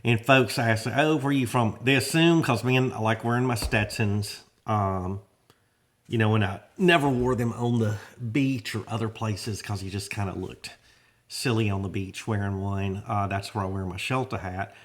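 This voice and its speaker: Man, northwest Louisiana Southern accent, lowish voice, folksy drawl, rambling casual monologue, garage host. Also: moderate pace. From Shreveport, Louisiana. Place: home garage.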